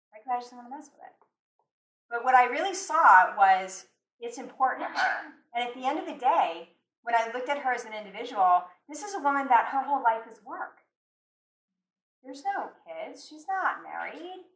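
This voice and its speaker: A woman's voice: on the high side, sing-song, normal speed, a bit bright. A middle-aged woman giving a candid, conversational talk to a small live audience and acting out the voices she quotes. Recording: roomy, mic at a distance.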